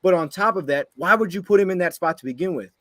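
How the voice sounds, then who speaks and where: Speaking fast in a high, pushed and bright voice with no room sound, a sports podcast co-host launches into a heated post-game rant. He keeps throwing out frustrated rhetorical questions.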